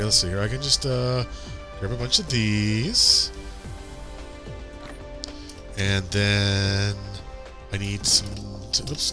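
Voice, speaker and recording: A man streaming a game, chatting casually and muttering to himself as he plays. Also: lowish voice. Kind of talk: casual gameplay commentary.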